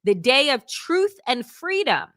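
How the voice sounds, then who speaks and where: A woman hosting a live political show, her voice bright and crisp. She talks in an impassioned, conversational way and reads news items aloud. The sound is dry and close. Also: sits high, big pitch swings, slow, no room sound. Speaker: host.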